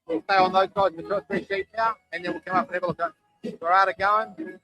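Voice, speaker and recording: A man commentates live, folksy and conversational, his voice sitting high. He sounds worn from a long day. Music plays clearly underneath him. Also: sing-song, quick pace, poor audio. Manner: chatty, folksy, calls running tallies. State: tired after a long day. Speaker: shearing commentator.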